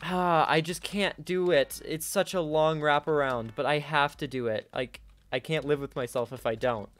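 A young man giving live gameplay commentary, swinging between yelling in frustration and quiet muttering to himself. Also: on the high side, fairly even intonation, normal speed. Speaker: gaming YouTuber.

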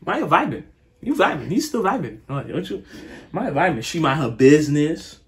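A man in casual chat, teasing his relatives in slangy, animated talk. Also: fairly high pitch, normal speed. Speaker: family member roasting relatives.

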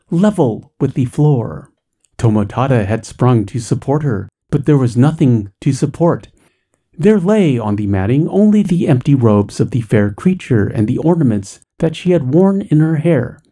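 A man reading a ghost story aloud in a measured, dramatic storytelling way. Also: mid-range voice, dark tone, husky. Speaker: story reader. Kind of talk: storytelling narration.

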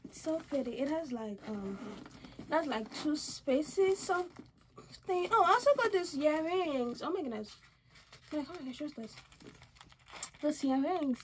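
A young woman chats through a casual haul vlog at home, her high voice swooping widely as she gushes. Her tone is bright and sharp, and she squeals with excitement. A faint hiss sits behind her. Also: a little slow, pauses often. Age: young adult. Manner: bubbly, gushing, squeals with excitement. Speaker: vlogger.

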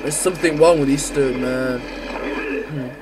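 A man giving loud, crude, excitable gameplay commentary. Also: medium pitch, measured pace, noisy background. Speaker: gamer.

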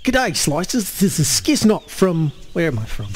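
A cheery fake Aussie bloke, as a man puts him on, with a slightly high voice that bounces all over. The put-on Australian accent is thick, and he chuckles through his jokes. A faint hiss sits under the call. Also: very animated, normal speed. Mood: jokey. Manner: jokey, chuckling through lines. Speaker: caller.

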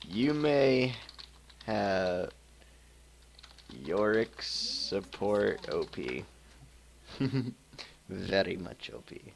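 A man's voice: low voice, extremely slow, creaky, pauses often, slight background noise. A man casually commenting on his own match while streaming, joking and laughing often as he plays at home. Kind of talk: casual live game commentary. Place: home room with keyboard typing.

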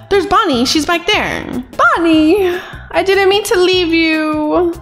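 A woman giving playful gameplay commentary in an excitable way, often gasping and giggling. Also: very high voice, takes it slowly, soft background music. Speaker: gaming video creator.

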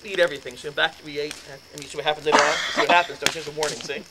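Man, lecture storyteller, lively, acts out voices, slightly high voice, noisy background. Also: racing. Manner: animated storyteller acting out dialogue. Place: lecture room.

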